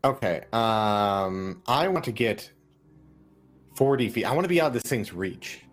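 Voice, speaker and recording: A man's voice: fairly low pitch, expressive, measured pace. A man playing a tabletop game, talking casually and rambling with many fillers and restarts. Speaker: player.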